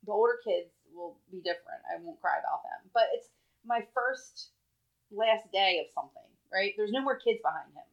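A woman's voice: mid-range voice, lively intonation, moderate pace. A woman in her thirties co-hosting a casual chat podcast, talking in a chatty way, laughing often and swearing casually. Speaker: podcast co-host. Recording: dull lo-fi sound.

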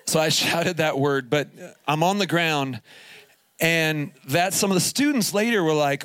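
A man's voice: fairly high pitch, slow, a bit bright, no room sound. A male pastor preaching live at a camp service, telling funny stories and laughing as he goes. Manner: jokey, laughs through his stories. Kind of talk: humorous storytelling sermon.

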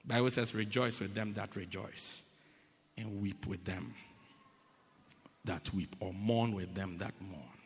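A man preaching a sermon to a congregation in an animated, playful, teasing way, heard with long reverb in a church hall. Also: on the low side, slow pace, long pauses, slight background noise.

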